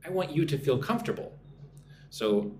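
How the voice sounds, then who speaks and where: Male English teacher on a live stream, animated delivery, explains phrases slowly for learners, echoey room with faint noise. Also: mid-range voice. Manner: explains phrases slowly, greets chat viewers.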